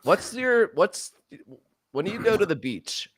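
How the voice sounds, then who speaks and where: A young man co-hosting a podcast, chatting casually in an energetic, playful way. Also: sits high, slow, breathy edge. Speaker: podcast co-host.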